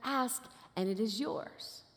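A woman's voice: fairly high pitch, slow. A woman voicing an ancient male king in a sermon retelling, speaking in a casual, offhand way. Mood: eager. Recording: long reverb of a large hall.

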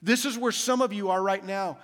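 High-voiced pastor preaching in a hall. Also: male voice, a bit bright. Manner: repeats key phrases with slow emphatic cadence. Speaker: senior pastor. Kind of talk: sermon.

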